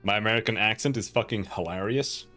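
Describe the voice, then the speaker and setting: A man's voice: lowish voice, fast, pushed and bright, faint music behind. A young man with a Swedish accent, chatting casually and rambling on a gaming livestream, swearing now and then. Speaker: streamer.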